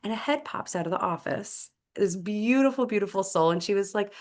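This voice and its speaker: A woman, a podcast guest telling her career story in a lively, casual way. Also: on the low side, a little fast, few pauses. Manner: animated storyteller acting out quoted dialogue. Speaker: podcast guest, clinical executive.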